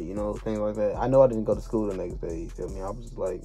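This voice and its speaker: Young man, low dark husky voice, slangy storytime vlog, faint music behind. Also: fast, few pauses. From Chicago. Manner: slangy, loose, repeats "you feel me". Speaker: storytime vlogger. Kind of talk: casual storytelling to camera.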